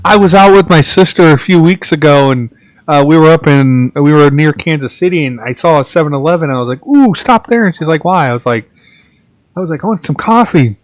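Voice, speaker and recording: Casting: male podcast host, mid pitch, meandering anecdotal chat, recorded close and dry. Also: brisk, no room sound. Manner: rambling storyteller, many restarts and "like"s. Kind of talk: casual chat.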